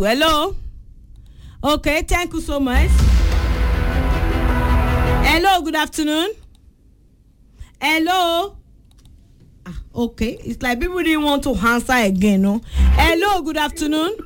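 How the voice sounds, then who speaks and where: Bubbly high-voiced Nigerian radio presenter. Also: female voice, lively intonation, measured pace, long pauses, soft background music. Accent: Nigerian, Yoruba-influenced. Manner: chatty, bubbly, switches in and out of Yoruba. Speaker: radio presenter taking callers. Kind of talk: lively call-in radio show. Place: radio studio.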